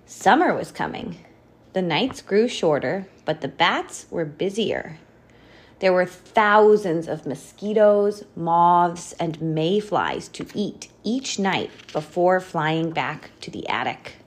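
Woman reading a kids book out loud, really animated pitch, slow. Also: breathy edge. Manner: expressive, animated storytelling. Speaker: storybook reader. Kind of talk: reading a picture book aloud.

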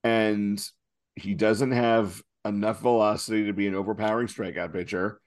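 A man co-hosting a podcast, talking through baseball stats in a casual, exasperated way with many fillers. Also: fairly low pitch. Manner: stat-heavy, exasperated, filler-laden. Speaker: podcast co-host. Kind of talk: casual sports chat.

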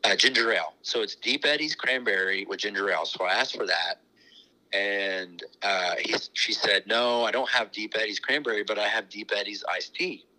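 A man's voice: lowish voice, normal speed, pushed and bright, poor audio. A middle-aged man, a racetrack owner, telling rambling, chuckling stories in a casual interview. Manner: rambling, chuckling anecdotes with many restarts.

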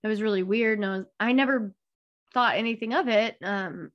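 A woman's voice: mid-range voice, brisk, dull audio. A woman co-hosting a podcast, chatting casually, giggly and a bit hesitant. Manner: giggly, self-deprecating, hesitant. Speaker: podcast co-host. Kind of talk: casual chat.

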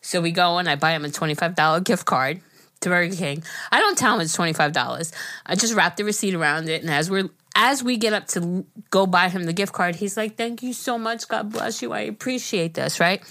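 Lower-voiced woman telling an emotional story. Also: a little fast, bright, forceful tone. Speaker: podcast co-host. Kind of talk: casual podcast chat.

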